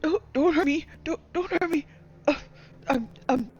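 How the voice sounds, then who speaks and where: Stammering, frightened small halfling man, pitched up, played by a woman. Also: a little slow, a little mellow, highs cut off. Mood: panicky. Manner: stammering, panicky. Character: frightened male halfling adventurer.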